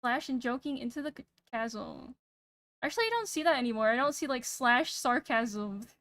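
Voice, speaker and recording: A young woman streaming casual chat, soft-spoken and a bit monotone, rambling and pausing every few words while she thinks. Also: high-pitched, no room sound, clean studio sound. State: sick. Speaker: VTuber streamer. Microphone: streaming mic with noise gate.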